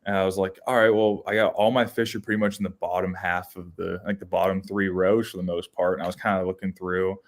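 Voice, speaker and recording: A man's voice: deep voice, fast talker, few pauses. A young man co-hosting a podcast, telling casual outdoor stories with lots of restarts and fillers. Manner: rambling, animated storytelling with many restarts. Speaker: podcast co-host. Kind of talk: casual storytelling chat.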